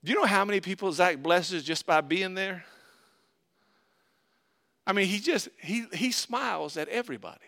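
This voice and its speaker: A man preaching a sermon in a conversational way, repeating phrases, slowing and dropping to a hush on key lines before rising again. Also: high-pitched, vocal fry. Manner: slows down and drops to a hush on key phrases, then rises loud. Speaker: pastor.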